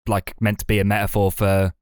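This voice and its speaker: Movie podcast guy, low smooth voice, lots of likes, really into it. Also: completely flat delivery, brisk, no room sound, clean studio sound. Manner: enthusiastic, hesitant with many fillers. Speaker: podcast co-host. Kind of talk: casual film review chat.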